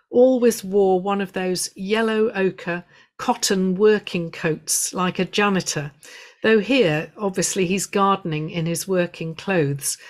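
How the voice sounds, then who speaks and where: In a low-leaning voice, a woman shares stories during a prepared, illustrated presentation to a local history society. Her delivery is measured, with a gentle humorous touch.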